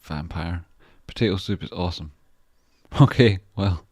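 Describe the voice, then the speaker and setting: A Scottish man with a deep, low voice talks loosely through a livestream, reading out chat and heaping on thanks. He swears freely and rambles in a relaxed way. The sound is close and dry, with no room around it. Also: measured pace, no echo. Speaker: stock trading livestreamer. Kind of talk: casual livestream chat, reading viewer messages.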